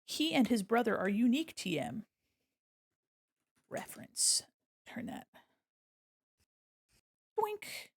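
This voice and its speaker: Slow-talking gravelly woman streamer. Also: a little high, huge pitch swings. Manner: chatty and jokey, talking to herself while working; bursts of laughter and silly asides. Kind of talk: casual chat while drawing on a livestream.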